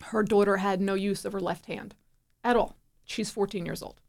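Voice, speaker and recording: Middle-aged woman guest from New Jersey, lively storyteller who slips into the voices of the people she quotes, mid-pitched. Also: normal speed, gravelly. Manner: animated, acts out quoted voices. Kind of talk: conversational storytelling.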